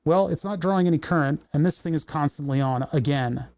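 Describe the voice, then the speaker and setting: A man's voice: a little high, brisk, darkish tone. Frustrated man troubleshooting a circuit live. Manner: muttering, troubleshooting aloud, swearing in frustration. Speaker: livestream host. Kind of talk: casual livestream electronics tinkering.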